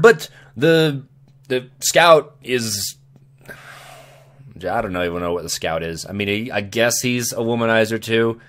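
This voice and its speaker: A man's voice: lowish voice, a bit bright. Playful man rambling on a gaming vlog. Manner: playful, joking, self-amused. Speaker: gaming video host. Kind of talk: casual rambling chat.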